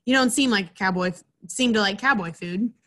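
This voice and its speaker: A woman voicing a mean, gruff male outlaw cowboy while reading a picture book aloud, with a slow drawl. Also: mid-range voice, fairly bright tone, lightly acted.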